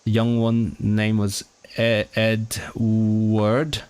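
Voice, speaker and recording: Low-pitched, smooth and a little mellow, his delivery completely flat, this male language-learning streamer talks through a study session while deciphering signs. He halts, restarts words, and asks himself puzzled questions along the way.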